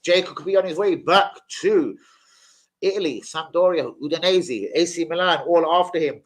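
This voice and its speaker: Reading out chat names on his football transfer live stream, a young man jokes around in an animated way. His pitch is fairly high and his pace moderate.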